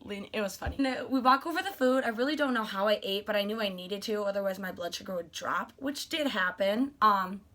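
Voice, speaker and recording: Bright-voiced young woman gushing excitedly. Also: mid-range voice, brisk, hardly any pauses. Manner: excited, gushing, acts out quoted dialogue. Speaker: vlogger. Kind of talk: casual storytelling vlog.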